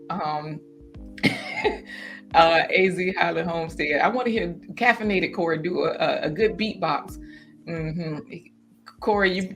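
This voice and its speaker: A woman hosting a garden livestream in casual chat, animated and chatty, breaking into laughter often. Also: on the low side, creaky.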